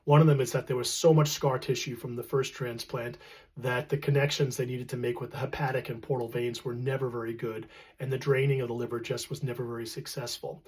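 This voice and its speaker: A middle-aged man tells a personal story at a middle pitch, with a husky, slightly breathy voice. He speaks earnestly and reflectively, pausing often and searching for words. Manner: earnest, reflective, with many fillers and pauses. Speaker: storyteller recounting his late partner.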